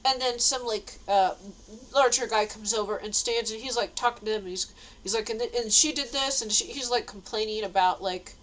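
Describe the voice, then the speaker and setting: A woman's voice: mid-range voice, a bit bright, low-quality recording. A woman telling a rambling story in a casual vlog, with frequent nervous laughs. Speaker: vlogger.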